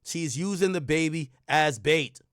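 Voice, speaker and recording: A man's voice: a little high, measured pace, no room sound, studio quality. A young man streaming commentary, reading documents aloud and reacting bluntly with lots of profanity.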